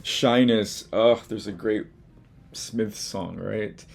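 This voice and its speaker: A man with a low, husky, gravelly voice gives casual advice to his viewers from his art studio. He talks frankly, swears now and then, and mocks himself in asides. Soft music runs quietly underneath. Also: takes it slowly. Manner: chatty, frank, self-mocking, with swearing and asides. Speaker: artist and video host. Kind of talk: casual motivational talk to camera.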